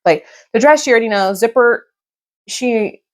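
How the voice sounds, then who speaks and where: A woman's voice: fairly high pitch, normal speed. A woman in her thirties chatting casually in a reading vlog, gushing and rambling about books and her day. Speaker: book vlogger.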